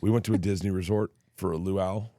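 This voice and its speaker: A man telling wild personal stories as a guest, switching into loud laughing impressions of the people in them. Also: low voice, fairly even intonation, fairly quick, no echo, studio quality. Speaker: guest storyteller. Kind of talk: comic storytelling.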